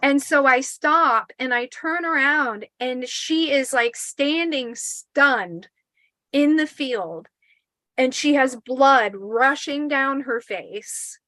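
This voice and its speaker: A woman in her forties telling a spooky personal story in a casual, animated way, swearing and acting out the quotes. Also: sits high, slow pace, dry recording, rough recording.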